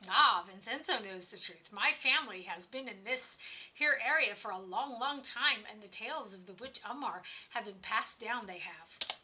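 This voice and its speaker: A woman's voice: on the high side, animated, normal speed, sharp tone. A woman voicing a pompous, blustering middle-aged male innkeeper while reading game dialogue aloud. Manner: pompous, scolding.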